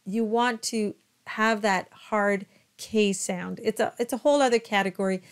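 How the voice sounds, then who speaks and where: A woman talks slowly and patiently as a diction coach for choirs. She spells out letters and models each word with care, repeating it several times. Her voice sits at a middle pitch. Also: animated. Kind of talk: slow, careful pronunciation coaching.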